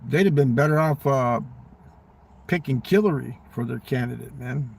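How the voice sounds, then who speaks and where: A man with a smoker's rasp, rambling through a profane political rant. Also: mid-range voice, moderate pace, darkish tone, far from the mic. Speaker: vlogger.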